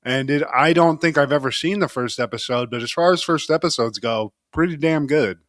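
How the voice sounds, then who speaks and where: A man's voice: a little high, fairly quick, a bit bright, a little hiss or hum. A man co-hosting a podcast, chatting casually and joking with loose, offhand swearing. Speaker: podcast co-host. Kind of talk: casual chat.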